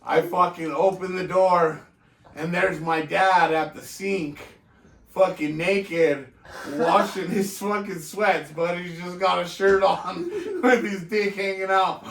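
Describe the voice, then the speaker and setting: High, gravelly man, podcast host. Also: slow, a bit bright. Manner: profane, laughing storyteller. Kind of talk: casual storytelling. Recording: echoey room, mic at a distance.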